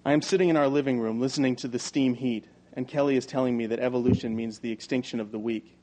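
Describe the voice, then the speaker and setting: Male audiobook narrator, mid-range voice, even and measured first-person storytelling. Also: mid-range voice. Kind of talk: first-person novel reading.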